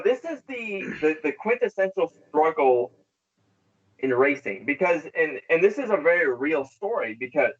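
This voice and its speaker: A man hosting a podcast, chatting casually in a rambling, excitable way. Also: on the high side. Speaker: podcast host. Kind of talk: casual chat. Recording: slightly dull lo-fi sound.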